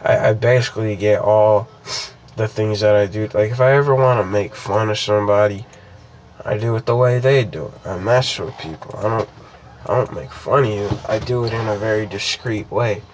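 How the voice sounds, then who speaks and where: Young man, fairly low voice, casual creepypasta reading, rambling asides, faint hiss behind. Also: moderate pace, highs cut off. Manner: rambling, hesitant, many fillers and restarts. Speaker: creepypasta reader.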